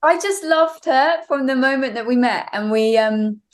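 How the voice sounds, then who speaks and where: A young woman singer, guesting on an interview show, tells a long story in a high voice at normal speed. The casual chat is full of fillers.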